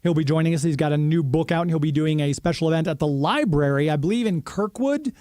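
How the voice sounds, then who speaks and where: A man's voice: fairly high pitch, fast talker, mellow, no echo, studio quality. A man hosting a radio show, chatting casually and reading a sponsor spot with plenty of fillers.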